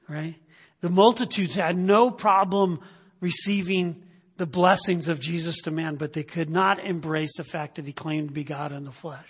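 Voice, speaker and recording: A man's voice: on the high side, steady tone, unhurried, slightly rough. A man preaching a sermon, emphatic, repeating phrases and checking in with "right?". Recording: long reverb of a hall.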